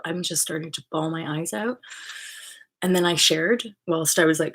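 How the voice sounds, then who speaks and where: A woman's voice: low-pitched, moderate pace, gravelly, a bit bright. A woman hosting her own channel, talking in a rambling, casual spiritual monologue full of fillers, restarts and swearing. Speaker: channel host.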